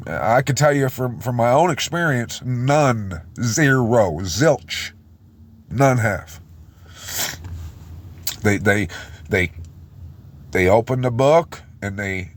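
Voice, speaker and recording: A man giving an informal sermon, choked up and halting, often restarting his words. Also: on the low side. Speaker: preacher.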